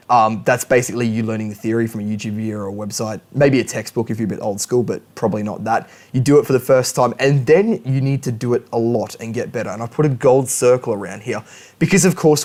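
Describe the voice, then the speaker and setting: A man's voice: mid-range voice, darkish tone. A young man giving a casual spoken lesson on study habits, chatty and self-correcting, with joking asides. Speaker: language learning YouTuber. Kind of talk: casual educational monologue.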